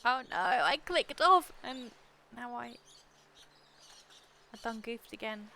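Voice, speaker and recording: A woman's voice: a little high, animated, slow pace, creaky, pushed and bright. A young woman streaming a video game, chatting casually and reading its dialogue aloud, often poking fun at herself. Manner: chatty, self-deprecating, reads game lines aloud.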